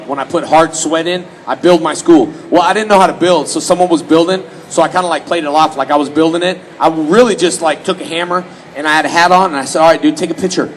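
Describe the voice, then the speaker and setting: A man's voice: fairly high pitch, a little hiss or hum, low-quality recording. A man from Houston, around his late thirties, telling joking stories to fans as a convention panel guest, often slipping into mock voices. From Houston, Texas, US. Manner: joking, animated, slips into mock voices for quotes. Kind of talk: casual storytelling to a fan audience.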